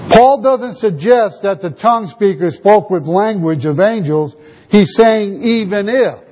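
Man preaching a sermon, high voice, emphatic questioning delivery, dull lo-fi sound. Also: a little mellow, a little hiss or hum. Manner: rhetorical questions, emphatic teaching. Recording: dull lo-fi recording.

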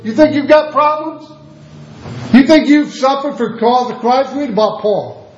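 A man's voice: normal speed, roomy sound, dull audio, noisy background. A man preaching a sermon with passion, firing rhetorical questions and swinging his voice up and down. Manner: impassioned, rhetorical questions, wide swings in pitch.

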